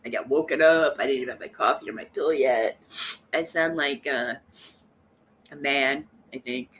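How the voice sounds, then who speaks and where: A woman's voice: rumbling low, normal speed, a bit bright, slight background noise. A woman hosting a casual live stream, sassy and teasing, often breaking into laughter. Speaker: livestream host.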